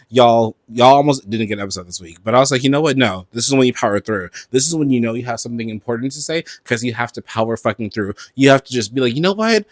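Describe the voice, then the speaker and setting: A man hosting a podcast, talking casually about pop-culture news from home in front of his closet, animated and gossipy, swearing freely and filling his talk with "like" and "um". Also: fairly low pitch, no echo, clean studio sound. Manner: animated, gossipy and profane, with frequent fillers. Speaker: podcast host.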